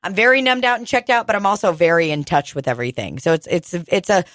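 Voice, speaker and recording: A woman's voice: on the low side, a bit bright, dry recording, studio quality. Candid swearing woman podcaster. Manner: candid, swearing, talks fast when quoting herself. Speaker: podcast co-host. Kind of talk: casual chat.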